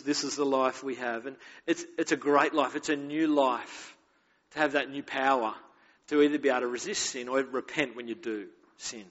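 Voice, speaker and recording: A man's voice: mid-range voice, a bit bright. A man preaching a sermon as pastor, candid and conversational, telling stories with self-mocking humor. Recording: dull echoey hall recording.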